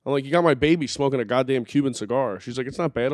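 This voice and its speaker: A man's voice: mid-range voice, rapid-fire, no room sound. A young man hosting a podcast from his living room, rambling and joking crudely in casual banter. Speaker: podcast host.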